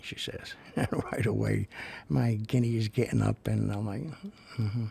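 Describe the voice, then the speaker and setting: A man's voice: fairly low pitch, flat delivery, unhurried, gravelly, dark tone, slight background noise. A male show host telling rambling personal stories and reacting to the news, full of fillers and restarts, turning indignant.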